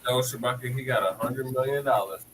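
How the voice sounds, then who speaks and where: A man's voice: medium pitch, brisk, a bit bright, breathy edge, low-quality recording. A man co-hosting a casual political chat, mostly chiming in with short agreeing replies and chuckles. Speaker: co-host.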